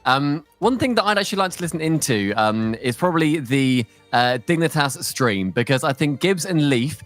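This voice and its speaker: A man's voice: a little high, lively intonation, moderate pace, hardly any pauses. Male esports analyst, casual, filler-heavy and jokey, faint music bed. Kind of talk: casual desk banter.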